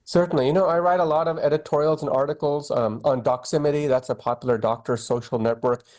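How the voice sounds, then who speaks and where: Middle-aged male doctor guest, candid, conversational, lively storytelling. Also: fairly high pitch, fast. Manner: candid, animated storytelling with quoted dialogue. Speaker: oncologist guest. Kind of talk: conversational interview.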